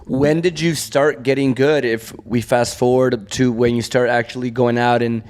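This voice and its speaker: A man's voice: mid-range voice, fairly even intonation, normal speed, darkish tone. A man co-hosting a podcast who asks follow-up questions in a casual conversation. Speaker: podcast co-host.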